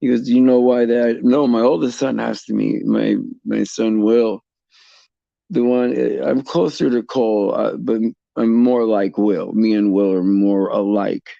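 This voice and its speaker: A middle-aged man hosting a casual faith talk for viewers, halting and repeating words as he restarts his sentences. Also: medium pitch, steady tone, vocal fry, mellow, dry recording, muffled recording. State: tearful at times. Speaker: host.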